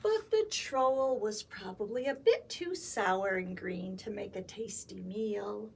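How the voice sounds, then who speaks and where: A woman librarian reading a story aloud at a children's storytime, dramatic and expressive, with hushed asides. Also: medium pitch, slow pace, gravelly, slight background noise.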